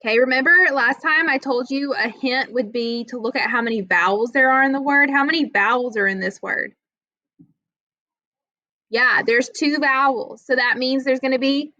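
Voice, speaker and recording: A woman with a bright, forceful voice walks young readers through a phonics lesson, patient and step by step. Her voice sits a little high, and she often checks in with the class. The audio is dull and lo-fi, with a dry, close sound. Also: no room sound. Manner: patient, step-by-step explaining with frequent "okay?" checks. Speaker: teacher. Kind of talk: reading lesson for children.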